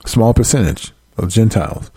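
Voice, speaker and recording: A man reading scripture aloud and preaching in a casual livestream, drawing out the verses slowly, then breaking into quick asides and checking that listeners follow along. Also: lowish voice, lively intonation, dark tone, slightly rough, no room sound, clean studio sound.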